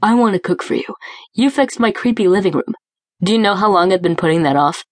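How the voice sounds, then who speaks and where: A woman voicing an easygoing young man who speaks in a relaxed, plain way in an audiobook romance. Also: mid-range voice, fairly quick, dry recording, close to an everyday voice. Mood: fond.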